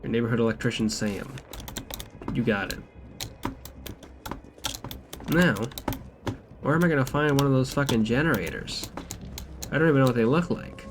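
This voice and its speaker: A man's voice: medium pitch, expressive, fairly quick, long pauses, noisy background. A man streaming a video game, chatting casually and profanely and reading in-game notes aloud. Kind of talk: casual live-stream commentary. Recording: streamer over loud game music.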